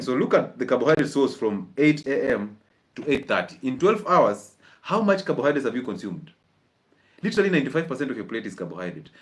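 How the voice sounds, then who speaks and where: A man giving a lively health talk to an audience, firing off rhetorical questions and chuckling between points. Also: medium pitch. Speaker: health and wellness speaker.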